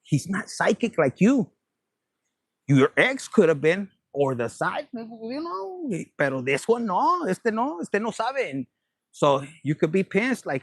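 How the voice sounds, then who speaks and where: A man's voice: high-pitched, huge pitch swings, a little slow, husky, no room sound. A man giving a casual tarot reading, playful and profane, dropping Spanish phrases. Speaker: tarot reader.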